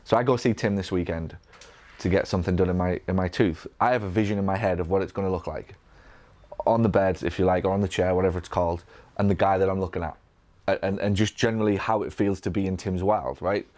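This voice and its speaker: A man from England with a Northern English accent, coaching physio business owners in a live Q&A, energetic, with many restarts and acted-out patient lines. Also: low-pitched, fast. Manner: energetic, repetitive restarts, acts out patient dialogue. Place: event room.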